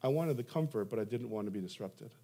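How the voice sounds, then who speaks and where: A man's voice: fairly low pitch, expressive, fast talker, warm tone, breathy edge. A young adult man, a pastor preaching a sermon, telling stories with self-deprecating humor and emphatic rises.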